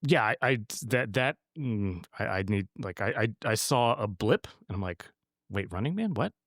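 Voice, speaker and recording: A man's voice: lowish voice, normal speed, a bit bright, no room sound, clean studio sound. A man co-hosting a casual podcast, rambling a little and laughing at his own stories. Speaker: podcast co-host. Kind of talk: casual chat.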